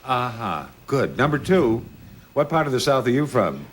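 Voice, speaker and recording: A man's voice: medium pitch, very animated, normal speed, a little hiss or hum. A man on a game show panel, asking questions in a dry, wry way. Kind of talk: quiz questioning.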